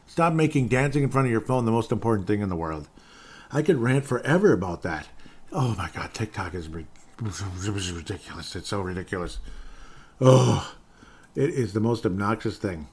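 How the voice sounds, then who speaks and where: Man, sports podcast host, solo, slightly low voice, animated rants. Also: moderate pace, breathy edge. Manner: ranting, animated, sarcastic asides.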